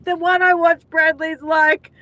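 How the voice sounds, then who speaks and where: A woman's voice: very high-pitched, little pitch movement, unhurried, pushed and bright, rough recording. An Australian woman hosting a casual live chat, laughing often and talking to her viewers by name. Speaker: livestream host.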